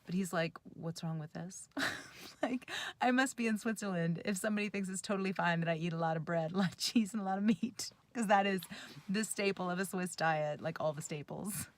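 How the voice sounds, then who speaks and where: A woman in her thirties vlogging from inside a parked car, telling a story in an animated, giggly, chatty way. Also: medium pitch, a little fast. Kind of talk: casual storytelling to camera.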